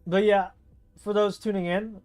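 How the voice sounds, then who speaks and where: During a gaming stream, a Southern California man rambles casually in a relaxed Southern Californian accent. His voice sits high yet has a darkish, level tone, delivered a little slowly in a dry recording with soft background music.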